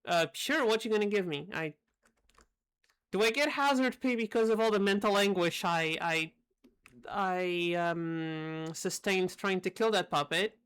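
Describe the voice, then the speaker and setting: A woman's voice: medium pitch, unhurried, fairly bright tone, smooth. A woman streamer joking and rambling as she plays a game live, full of fillers and restarts. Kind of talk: live gameplay commentary.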